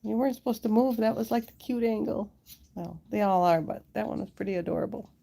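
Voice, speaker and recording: Woman pet owner hosting a live stream from home, chatty and giggly, with a warm, mellow tone. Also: medium pitch, fast, gravelly. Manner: chatty, giggly, talks to her pets and viewers. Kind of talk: casual live-stream chat. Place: at home with her pets. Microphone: handheld phone camera held close.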